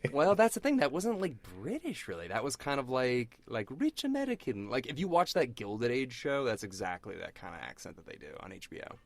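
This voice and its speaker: A man's voice: medium pitch, very animated, fairly quick, gravelly, few pauses. A man co-hosting a podcast, talking in a casual, chatty way with lots of fillers. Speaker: podcast co-host. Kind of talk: casual chat.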